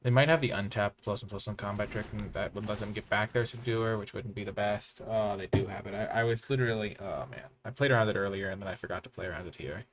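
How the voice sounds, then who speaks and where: A man's voice: lowish voice, fast talker, hardly any pauses, slight background noise. A man hosting live gameplay commentary, thinking aloud and reacting to each play with groans, exclamations and wry self-mocking asides. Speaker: host.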